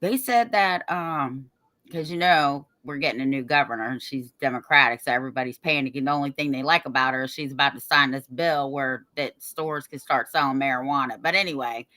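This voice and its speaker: A woman co-hosting a podcast, telling a story in a defiant, animated way and swearing freely. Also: extremely low pitch, a little fast. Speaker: podcast co-host.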